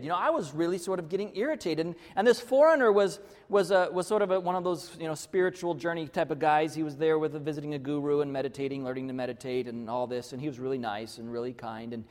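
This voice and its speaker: A man's voice: fairly high pitch, fast. A male pastor preaching a conversational, story-led sermon full of restarts. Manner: conversational, with many restarts and fillers. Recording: long reverb of a large hall.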